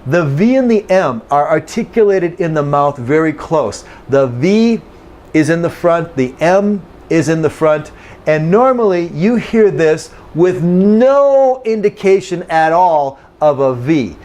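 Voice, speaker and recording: A man's voice: fairly high pitch, expressive, darkish tone. A man with an American accent teaching English pronunciation in a lesson, explaining patiently and repeating key phrases for emphasis. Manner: drops into quick acted dialogue to demonstrate. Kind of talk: language lesson.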